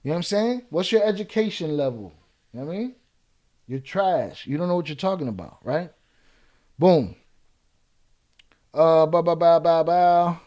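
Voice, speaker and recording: A man's voice: on the high side, sing-song, fairly quick, long pauses, darkish tone. A man hosting a live reaction stream, reading chat comments aloud and firing back in profane street slang with a Chicago accent. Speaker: reaction channel host.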